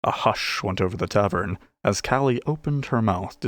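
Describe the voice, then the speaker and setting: A man narrating a fantasy audiobook with expressive storytelling. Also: on the low side, normal speed, few pauses, dry recording.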